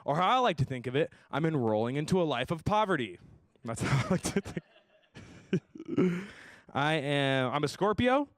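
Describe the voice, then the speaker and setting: A young man hosting a stand-up comedy show, telling deadpan self-deprecating jokes and slipping into voices for the people he quotes. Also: on the high side, moderate pace, long pauses, dry recording. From Tucson, Arizona area. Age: young adult. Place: comedy stage before a live audience.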